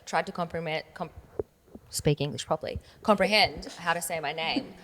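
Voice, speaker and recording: Low-voiced woman explaining calmly. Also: moderate pace. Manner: matter-of-fact explainer. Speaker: guest. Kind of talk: casual chat. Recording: echoey room, faint noise.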